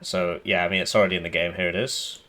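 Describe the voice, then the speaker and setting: A man giving casual game commentary, sarcastic and rambling in a deadpan way. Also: sits low, fast. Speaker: gaming YouTuber.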